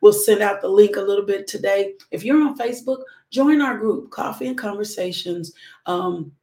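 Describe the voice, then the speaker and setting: A woman's voice: medium pitch, normal speed, mellow, echoey room. A woman ministry leader, fervently hosting a morning devotional and talking straight to her viewers. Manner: fervent, preachy, calls out to viewers.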